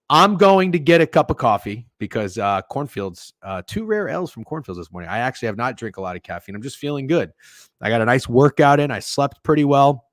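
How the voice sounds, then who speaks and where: A man with a mid-range, animated, brisk voice hosts a sports betting livestream, recorded dry on a close studio mic. He rambles, jokes, and swears while reading viewer messages and chatting with chat and co-hosts, breaking into sudden loud outbursts. His throat is sore and he coughs.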